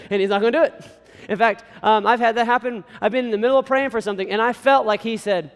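Young male pastor, high voice, earnest and exhorting, church hall with long reverb. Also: fast talker. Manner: earnest, exhorting, folksy asides. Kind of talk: sermon.

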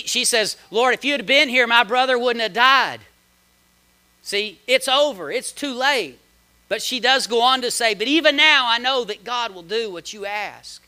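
A man preaching a sermon and reading scripture aloud, with dramatic swings between loud, high emphasis and quiet, low asides. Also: smooth. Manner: dramatic preaching with big swings in loudness and pitch; reads scripture aloud and comments on it. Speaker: pastor.

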